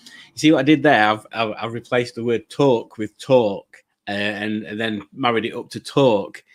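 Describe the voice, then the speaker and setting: A man's voice: lowish voice, steady tone, moderate pace. A man hosting a casual livestream, rambling and hesitant with many fillers and goofy jokes while greeting the chat. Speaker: livestream host.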